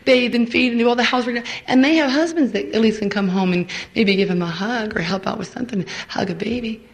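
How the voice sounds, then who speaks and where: A middle-aged woman preaching an emotional sermon to a women's retreat, fervent and stammering, dropping into hushed near-whispers. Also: fairly high pitch, fast, low-quality recording.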